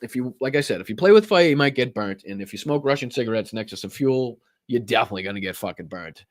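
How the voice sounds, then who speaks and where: A man's voice: mid-range voice, expressive, quick pace, no room sound, studio quality. A man with a Boston accent hosting a live political commentary stream, reading news aloud with sarcastic, profane asides. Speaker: political talk show host.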